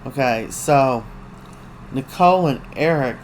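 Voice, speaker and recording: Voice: mid-range voice, slight background noise, poor audio. Chatty, gossipy soap opera recapper. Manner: chatty, gossipy storytelling with many fillers; acts out characters' lines in quick put-on voices. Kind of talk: casual recap chat.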